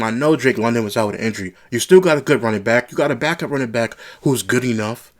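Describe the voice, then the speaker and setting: A man's voice: mid-range voice, fast talker, few pauses. Young male sports commentator, solo reaction, blunt exasperated rant, mid-range voice.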